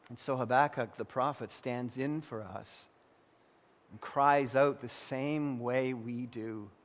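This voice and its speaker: A man preaching a sermon as pastor, crying out in anguished prayer and then teaching calmly. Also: mid-range voice, slow pace. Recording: long hall reverb.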